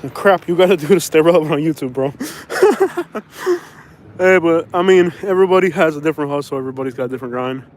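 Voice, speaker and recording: Southern man on a phone vlog, rambling and repetitive, slightly higher voice, outdoors with faint traffic hum. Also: lively intonation, quick pace. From Florida. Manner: rambling, repeats himself, slangy street talk. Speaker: vlogger. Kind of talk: casual walking vlog. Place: outdoors on a snowy windy street. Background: traffic and outdoor ambience.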